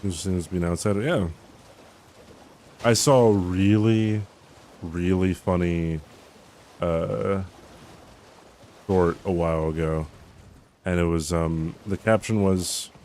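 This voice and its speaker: A man with a lowish voice talks loosely to his stream chat from a home setup. He rambles, swears freely and laughs as he reacts to viewers' messages. A faint hum sits behind him. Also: fairly even intonation, slow pace, pauses often, darkish tone. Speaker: game streamer. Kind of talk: casual chat with viewers while gaming.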